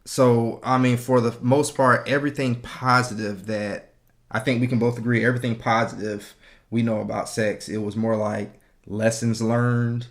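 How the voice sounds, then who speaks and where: A man's voice: mid-range voice, level tone, moderate pace. A man co-hosting a podcast in casual chat, rambling and joking with lots of "you know" fillers. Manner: joking, laid-back. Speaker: podcast co-host.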